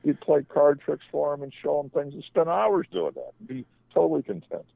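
A man's voice: fairly high pitch, normal speed, gravelly, warm tone, dry recording, low-quality recording. An older man, a sports agent, telling rambling anecdotes on a radio talk show, often restarting his sentences.

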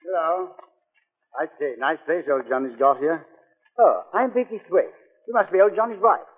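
A man plays a bluff, jolly upper-class Englishman who says too much, and his voice sits a touch high. He talks in a breezy, chatty way. The sound is a thin, tinny old radio broadcast with a long reverb tail. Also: moderate pace, natural voice. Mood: jovial. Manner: bluff, jolly, blurts things out. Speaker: visiting old friend. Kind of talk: 1940s radio acting.

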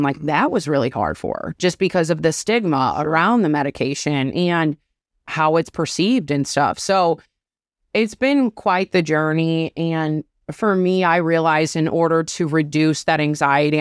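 A woman's voice: low voice, normal speed, dry recording, clean studio sound. A woman in her thirties, a podcast guest, talking openly and casually about motherhood, with lots of "like". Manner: open, confessional, says "like" often. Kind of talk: candid casual chat.

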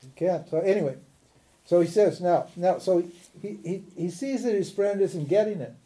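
Leading a class as a spiritual teacher, the man speaks at a normal speed in a high-pitched voice. The lecture is informal, and he's chatty and animated, often laughing and starting his sentences over.

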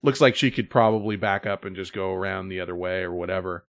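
A man's voice: deep voice, fast, dry recording, studio quality. A man hosting a podcast in casual chat, rambling with many fillers as he sets up stories. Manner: rambling, filler-heavy storytelling. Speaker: podcast host.

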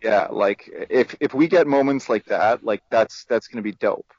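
A man's voice: mid-range voice, moderate pace, a little mellow, no echo. A man talking casually on a podcast, rambling with lots of restarts. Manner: rambling, many fillers and restarts. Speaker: podcast co-host. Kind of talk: casual chat. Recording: dull lo-fi dry podcast mic.

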